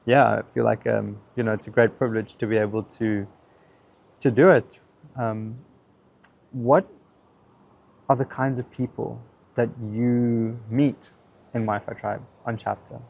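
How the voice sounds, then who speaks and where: A man interviewing a guest in a relaxed, reflective and encouraging way. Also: medium pitch, unhurried, gravelly, pauses often. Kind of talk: casual interview.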